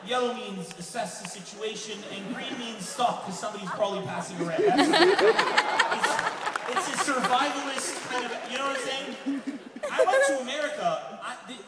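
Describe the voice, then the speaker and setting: A man from Lebanon performing a stand-up comedy set, telling stories in an animated way and acting out other people's voices. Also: high voice. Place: comedy club stage before a laughing audience. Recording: echoey distant room mic with loud crowd noise.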